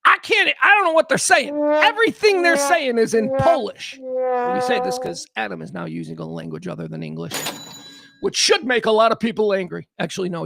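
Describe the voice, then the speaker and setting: Host, high gravelly voice, rambling wry livestream chatter. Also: male voice, no echo. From south side of Chicago. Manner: rambling, wry, animated asides. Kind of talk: casual livestream chat.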